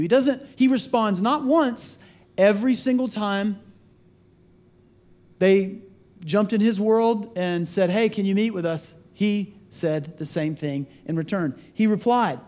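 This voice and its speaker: High-voiced conversational preacher man. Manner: conversational, animated, acts out quoted voices. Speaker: pastor. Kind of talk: sermon.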